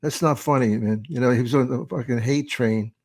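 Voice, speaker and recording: A man hosting a casual podcast, telling gruff, profane anecdotes. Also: mid-range voice, brisk, a little mellow. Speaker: podcast host.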